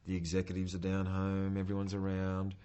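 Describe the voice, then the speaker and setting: A male actor recalling in an interview, halting and circling back over his words. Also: low voice, completely flat delivery, warm tone, smooth, highs cut off. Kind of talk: interview recollection.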